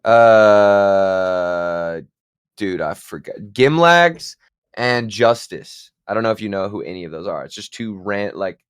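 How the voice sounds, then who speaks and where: Smooth-voiced young man rambling casually. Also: fairly low pitch, animated, takes it slowly, no echo, clean studio sound. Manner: rambling storyteller, trails off quietly. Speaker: podcast guest. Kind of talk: casual chat.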